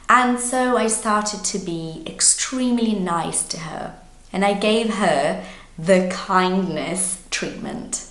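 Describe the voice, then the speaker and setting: A woman English teacher from Brazil, telling a personal story to learners in an animated, expressive way. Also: mid-range voice, slow pace. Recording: echoey room.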